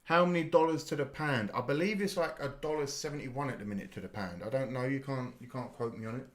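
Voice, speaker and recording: A British man hosts a live watch-party stream, chatting loosely, explaining slang to viewers and swearing freely. His voice is an ordinary middle pitch, and he talks fast in this casual live reaction chat.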